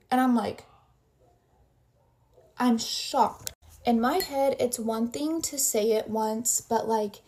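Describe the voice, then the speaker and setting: A woman's voice: on the high side, dark tone. A young adult woman casually telling a story while getting ready, rambling and packing her talk with "like" fillers.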